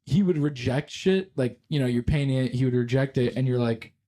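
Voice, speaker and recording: A man's voice: medium pitch, fairly quick. Young guy cohosting a podcast, rambling work stories, swears a ton, acts out what people said. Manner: animated, swearing, acts out quotes. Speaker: podcast co-host. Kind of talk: casual storytelling chat.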